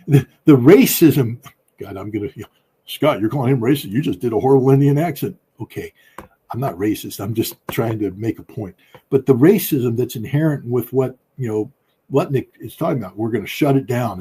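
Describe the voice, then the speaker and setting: Husky, emphatic man commenting. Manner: emphatic and combative, with big swings in pitch and loudness. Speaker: political commentator, former weapons inspector. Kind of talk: political commentary in an interview.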